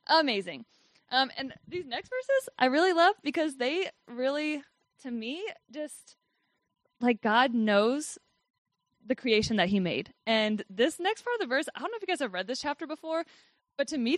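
A woman's voice: high voice, big pitch swings, moderate pace, dry recording. A woman giving a casual devotional talk and reading Bible verses, who says "like" a lot and laughs often. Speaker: Bible study speaker.

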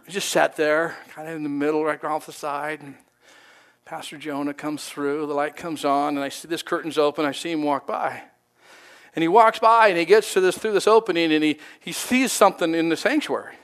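A man preaching a sermon in an easy, conversational way, his voice sitting high for a man. He tells stories with lively acted-out quotes and casual asides. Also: brisk, smooth. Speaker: pastor. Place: church sanctuary.

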